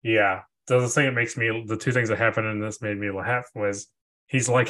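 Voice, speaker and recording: A man co-hosting a podcast, recapping a TV episode in casual chat and acting out scenes in a jokey, animated way. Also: lowish voice, moderate pace. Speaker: podcast co-host.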